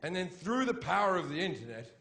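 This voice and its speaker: A man doing a stand-up routine before a live audience, profane and mocking, building up to shouted rants. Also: high voice, sing-song, fast, noisy background. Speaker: stand-up comedian.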